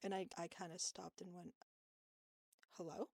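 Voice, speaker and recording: Podcast cohost lady, low gravelly voice, rambly and laughy, dry sound. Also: moderate pace, darkish tone, no room sound. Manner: rambling with frequent laughs and fillers. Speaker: podcast co-host. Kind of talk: casual storytelling chat.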